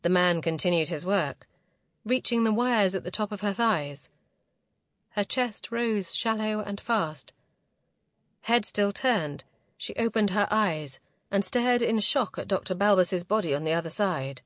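A woman reading a novel aloud as narrator, in a measured, close and intimate way. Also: medium pitch, expressive, no echo. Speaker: audiobook narrator. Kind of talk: scripted narration.

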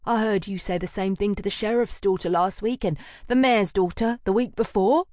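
A woman voicing a blunt, sharp-tongued young man, for an audiobook. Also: medium pitch, normal speed, no room sound, studio quality, voice pushed up, lightly acted. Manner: blunt, cutting. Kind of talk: audiobook character voice.

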